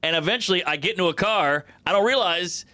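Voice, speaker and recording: A man in his forties from New Orleans spins a wild story with a bright, forceful voice. He jumps into other people's voices and makes the sound effects himself. His voice is slightly high and close to the mic, with no room sound at all. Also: fast talker, no room sound. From New Orleans, USA. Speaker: comedian guest. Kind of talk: casual storytelling.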